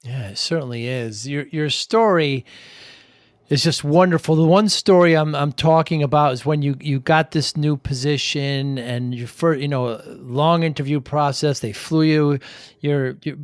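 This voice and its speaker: A man hosting a podcast, asking his guest questions in a halting way with restarts. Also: on the high side, dry recording, clean studio sound. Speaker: podcast host. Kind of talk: interview questions.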